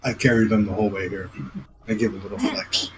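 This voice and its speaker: A man's voice: fairly low pitch, fairly even intonation, fairly quick, slight background noise, poor audio. A young adult man playing in a tabletop game who makes crude, joking remarks. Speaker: player. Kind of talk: casual tabletop play.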